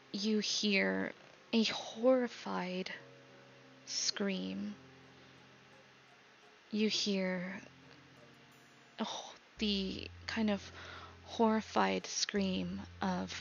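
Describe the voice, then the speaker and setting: A woman narrating as game master of a tabletop game, halting with many fillers. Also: medium pitch, gravelly, muffled recording, a little hiss or hum.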